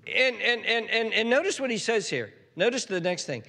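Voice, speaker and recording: Animated preacher man in a reverberant hall. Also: high voice, normal speed, creaky, few pauses. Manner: animated, restarts, acts out quotes. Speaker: pastor. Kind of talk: sermon.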